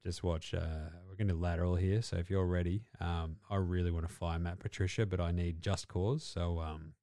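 A man putting on the voice of a scheming old male football coach, muttering deadpan and full of ums. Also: low-pitched, normal speed, no echo, clean studio sound, pitched below the performer's own voice.

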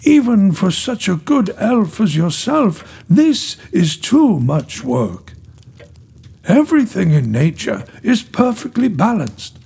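A man voicing a gentle, wise ancient female nature spirit, speaking softly and slowly. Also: high voice, gravelly, slightly rough, heavily acted. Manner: soft, slow, soothing.

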